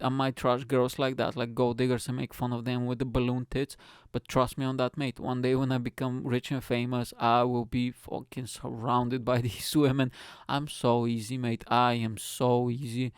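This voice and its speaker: A man hosts his own podcast, rambling from topic to topic with plenty of swearing and jokes. His voice is smooth and crisp with a gravelly fry. The sound is dry and close. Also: mid-range voice, no room sound. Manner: rambling, profane, jokey. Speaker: podcast host. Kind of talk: casual solo rant. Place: lives in Britain.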